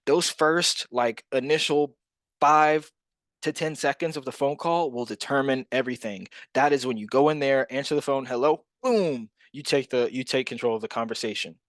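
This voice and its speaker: A man in the middle of the usual pitch range coaches sales calls with a punchy, emphatic drive. He acts out parts of the phone calls as he goes. The sound is dry, with no room around it. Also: moderate pace, fairly bright tone, dry recording. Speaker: real estate wholesaling coach. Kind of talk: energetic sales coaching monologue.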